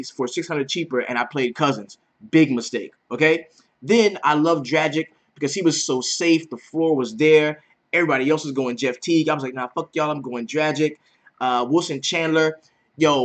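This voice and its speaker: A man hosting a casual daily fantasy basketball breakdown, animated and slangy, swearing freely. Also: fairly high pitch. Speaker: daily fantasy sports host. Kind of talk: casual sports betting breakdown.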